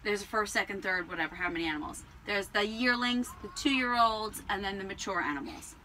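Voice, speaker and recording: A woman co-hosting a casual farm podcast, chatty and quick to laugh while telling stories. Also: mid-range voice, pushed and bright, a little hiss or hum, poor audio. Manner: chatty, laughs often, storytelling. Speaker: podcast co-host, alpaca farmer. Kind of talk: casual chat.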